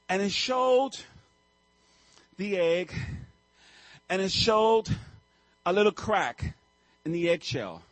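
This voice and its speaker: A male pastor preaching a sermon, telling a story with animated swings and sudden loud outbursts. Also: fairly high pitch, no room sound, poor audio.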